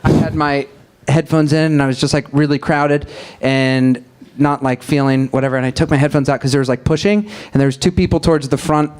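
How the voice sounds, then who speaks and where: A man with a somewhat high-pitched voice tells a loose comedic anecdote at a live show. He is chatty and wry and breaks into laughter between lines. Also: steady tone, brisk, a little mellow, smooth. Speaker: podcast co-host. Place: live show at a music venue.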